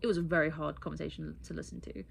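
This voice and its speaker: Animated woman telling a story. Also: low-pitched, very fast, creaky, a little hiss or hum. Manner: animated, mimics overheard people with exasperated outbursts. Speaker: vlogger. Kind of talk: casual storytime vlog.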